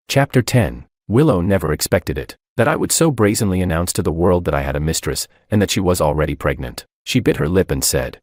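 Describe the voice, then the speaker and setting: Deep male narrator for a drama story, lively pitch, dry close sound. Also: normal speed, hardly any pauses, dry recording. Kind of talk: first-person story narration.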